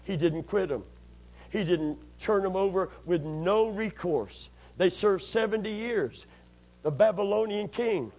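A man preaching a sermon, calling for amens, swinging from steady teaching into impassioned shouting. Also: sits high, unhurried. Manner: call-and-response, rising to impassioned shouting.

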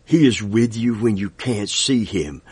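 A man's voice: lowish voice, lively intonation, a little slow, darkish tone, slightly rough, no echo. A man in his seventies preaching a sermon with an emphatic, repetitive cadence, quoting scripture and praising God. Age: 70s.

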